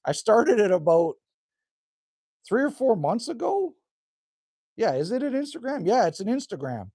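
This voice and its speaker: A middle-aged Canadian man with a slightly hoarse voice, hosting a live stream from a cabin and chatting casually with viewers in a folksy way. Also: sits high, sing-song, normal speed, warm tone, no room sound, clean studio sound. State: a little hoarse. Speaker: livestream host reading chat. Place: rural cabin indoors.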